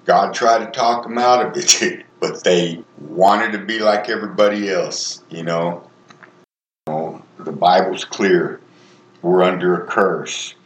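A man's voice: low voice, echoey room. A man preaching an informal sermon in a folksy, earnest, conversational way.

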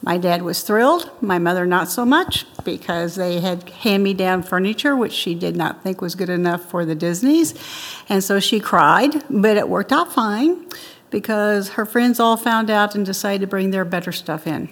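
Older woman, interviewee, chatty storyteller who laughs easily; mid pitch. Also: moderate pace, long reverb tail.

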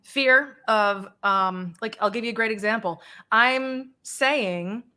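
A woman talking over a video call, her voice sitting a little high. She tells stories bluntly and with lots of energy, dropping mild curses along the way. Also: slow. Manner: blunt, animated storytelling with mild swearing. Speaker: interview guest. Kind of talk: casual interview chat.

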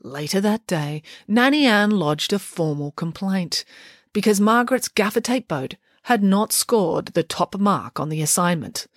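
Female storybook narrator, animated delivery, voices every character, dry close-miked read. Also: medium pitch, a little slow, no room sound. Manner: lively, switches voices for each character. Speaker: audiobook narrator.

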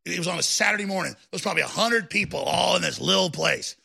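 A man hosting a talk show, delivering a combative political rant that builds into shouting. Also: high-pitched, fast talker, gravelly, breathy edge.

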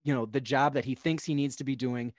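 A young man on a podcast, casually talking through a film in a rambling, animated way. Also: medium pitch, a little fast, dry recording. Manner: rambling, animated, acts out characters' lines. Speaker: podcast guest.

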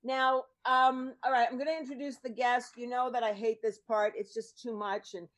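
A woman's voice: on the high side, level tone, moderate pace, a bit bright. A woman hosting and producing a podcast, introducing guests in a chatty, rambling way with lots of ums. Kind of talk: casual chat show introductions.

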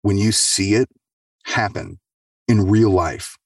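A man with a low, husky voice tells a true story in casual, profane talk, full of fillers and "right?". The sound is dry and close. He sits a little back from the microphone. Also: fairly even intonation, takes it slowly, no room sound, distant mic. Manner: loose, profane, filler-heavy, keeps asking "right?". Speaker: storyteller sharing a true experience.

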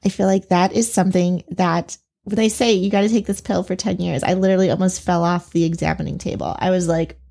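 A woman's voice: lowish voice, fairly even intonation, quick pace, creaky, few pauses, dark tone. A woman hosting a podcast interview, talking in an earnest, emphatic way. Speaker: podcast host. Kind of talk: conversational interview.

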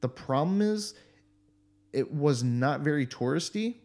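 A man's voice: a little high, expressive, measured pace, a little mellow. A man in casual podcast chat, telling stories animatedly and swearing freely. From United States.

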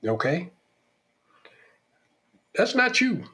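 A man's voice: high-pitched, very animated, extremely slow, sharp tone. A man hosting a podcast, delivering an opinionated monologue in an emphatic, preachy style with lots of rhetorical questions. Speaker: podcast host.

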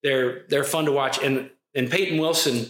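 A man's voice: medium pitch, fairly even intonation, normal speed, fairly bright tone. A middle-aged man, chatting casually as a sports broadcaster, rambling and restarting his sentences. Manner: rambling, self-interrupting. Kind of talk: casual podcast chat. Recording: echoey room.

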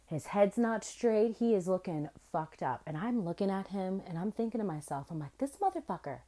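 A young adult woman hosting a podcast, telling a story in a casual, animated and profane way that swings between loud and soft. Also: medium pitch, normal speed. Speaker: podcast host.

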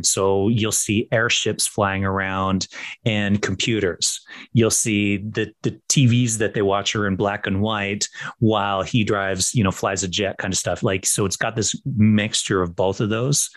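Low-voiced man explaining steadily. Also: no room sound. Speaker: podcast co-host. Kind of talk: casual chat.

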